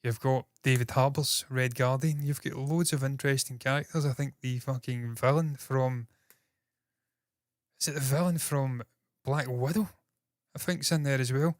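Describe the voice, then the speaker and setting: A Scottish man hosting entertainment news in casual solo commentary, talking fast with a slightly nasal voice, swearing freely and mocking himself. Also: medium pitch, fairly even intonation, no echo, clean studio sound. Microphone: processed with equalizers, compression and noise gate.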